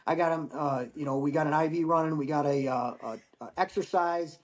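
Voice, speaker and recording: A man's voice: a little high, fairly even intonation, a little fast, few pauses. An American man in his forties, a military veteran guest telling a story casually and bluntly, with plenty of swearing and acted-out dialogue. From United States. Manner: blunt, profane, acts out quoted exchanges.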